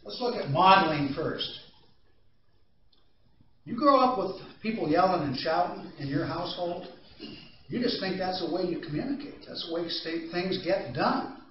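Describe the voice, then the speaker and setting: A man's voice: sits high, expressive, moderate pace, a little hiss or hum. Man lecturing in an echoey room. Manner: conversational storytelling with asides to the audience. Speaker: trainer. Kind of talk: training presentation to a group. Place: training room. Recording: distant echoey room mic, slightly dull.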